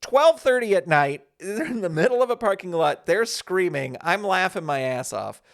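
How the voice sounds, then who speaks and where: A man hosting a podcast, telling a casual anecdote in an animated way and acting out the other people in it. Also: high-pitched, moderate pace, vocal fry. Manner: animated, acts out the voices of others in his anecdotes. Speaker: podcast host. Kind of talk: casual storytelling.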